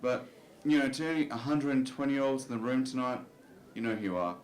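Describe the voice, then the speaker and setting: On a club stage, a man with a medium-pitched, brisk voice runs through a stand-up set, loose and self-deprecating, his talk packed with "you know" fillers. The recording has the roomy sound of a club.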